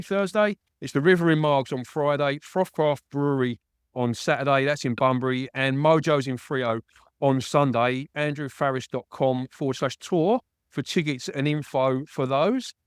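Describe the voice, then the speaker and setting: A man's voice: fairly high pitch, moderate pace, clear, resonant tone, dry recording, studio quality. A man from East London with an East London accent, hosting a radio interview in a chatty way, often calling his guest mate. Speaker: radio and podcast host.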